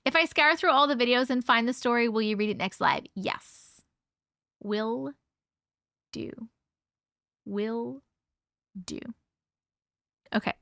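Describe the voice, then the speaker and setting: A woman chats casually with her livestream viewers, reading their messages aloud and swearing now and then. Her voice sits high and bright, though it sounds strained and worn out. The sound is dry and close, with no room around it. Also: expressive, fairly quick, hardly any pauses, no echo. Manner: chatty, swears casually, reads chat aloud. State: strained, fading voice.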